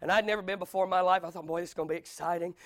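A man preaching a sermon, telling stories with sudden shouts. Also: sits high, steady tone, very fast, no echo, clean studio sound. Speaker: pastor.

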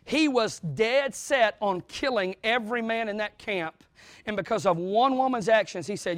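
A male pastor preaching a sermon in church, swinging between quiet asides, acted-out quotes and sudden loud bursts. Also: high voice, normal speed, dry recording.

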